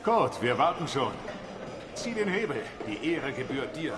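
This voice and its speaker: An actor playing a cheerful, proud German factory worker in a video game, brisk and giving directions. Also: male voice, medium pitch, sing-song, crowd noise, close to an everyday voice. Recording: echoey hall with loud music.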